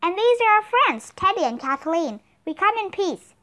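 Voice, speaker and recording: A woman voicing an eager, brave nine-year-old girl who talks brightly and fast in a storybook reading. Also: heavily acted. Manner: high, excited, chatty.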